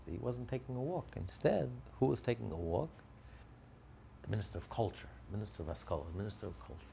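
A man teaching through a religious tale, his low voice gravelly and a little husky. His pitch swings widely as he narrates and acts out what the characters say. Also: quick pace, slight background noise. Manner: animated, acts out the characters' lines. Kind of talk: storytelling lesson.

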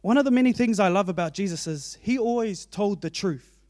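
This male preacher talks through his sermon earnestly and conversationally, his fairly high voice expressive, fairly quick and a little mellow. He keeps it plain and personal, dropping in asides from his life, and the sound is close and dry with no echo.

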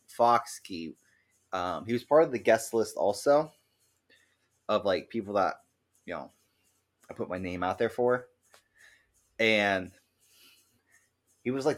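A man co-hosting a podcast, telling animated stories in casual chat and swearing freely. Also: on the low side, unhurried, pauses often. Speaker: podcast co-host.

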